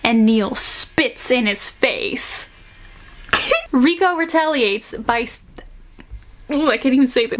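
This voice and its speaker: A woman's voice: fairly high pitch, fairly bright tone. A woman reviewing books casually, reading excerpts aloud, gushing and self-mocking and often laughing. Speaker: book reviewer.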